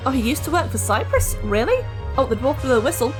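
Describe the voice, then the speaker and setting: A woman's voice: high voice, brisk, loud music behind the voice. Chatty woman streamer. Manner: chatty, animated, reads and answers chat. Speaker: game streamer. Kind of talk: casual live-stream chat.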